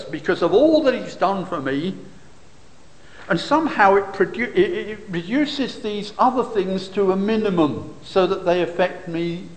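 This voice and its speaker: A man preaching a sermon, explaining scripture with rhetorical questions and occasional fillers. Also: high-pitched. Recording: reverberant hall.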